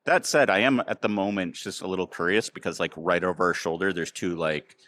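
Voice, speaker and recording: A fairly low-pitched American man talks in a loose, casual way. He hosts the chat and wanders through his stories with plenty of ums and restarts. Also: brisk, fairly bright tone. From United States. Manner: rambling, filler-heavy storytelling. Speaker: podcast host. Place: outdoors near a train station.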